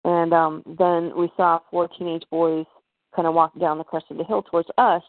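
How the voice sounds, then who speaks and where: A woman's voice: on the low side, little pitch movement, moderate pace, dry recording. A woman as a podcast guest, telling a personal story in a hesitant way, full of fillers and restarts. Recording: tinny phone-like line.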